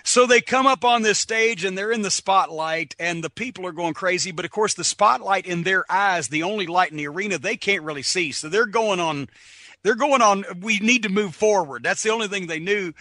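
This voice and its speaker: An older man, a wrestling manager, telling animated stories in a casual podcast and slipping into voices to act out moments. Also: sits high, brisk, hardly any pauses, no echo, studio quality. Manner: animated storyteller, does voices when retelling. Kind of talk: podcast storytelling.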